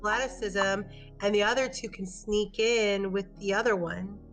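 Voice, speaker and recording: A woman playing in a tabletop game, chatting casually and eagerly pitching ideas. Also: fairly even intonation, normal speed, poor audio. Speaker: player. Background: background music.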